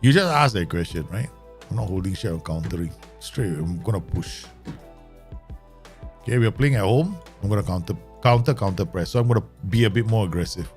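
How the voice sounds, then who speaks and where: A man's voice: lowish voice, expressive, fairly quick, a little mellow, soft background music. A man giving casual live commentary as he plays a football management game, rambling, swearing and laughing often. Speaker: game streamer.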